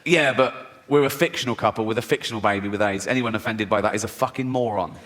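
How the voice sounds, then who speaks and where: A man doing a flat, weary young husband. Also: on the low side, fast, roomy sound, noisy background, pitched below the performer's own voice, close to an everyday voice. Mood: dismissive.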